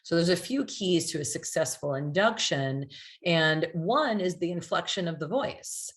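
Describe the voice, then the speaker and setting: A woman's voice: fairly low pitch, lively intonation, unhurried. A woman teaching hypnosis in a chatty, casual way, with many "like"s and "right?"s, sometimes acting out a client or a soothing hypnotist line. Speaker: hypnosis coach.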